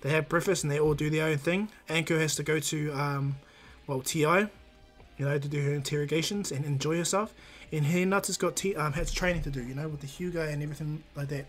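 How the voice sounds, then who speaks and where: A man's voice: fairly high pitch, fairly even intonation, a little fast, soft background music. A man casually narrating a fan-made anime story, rambling with restarts and fillers.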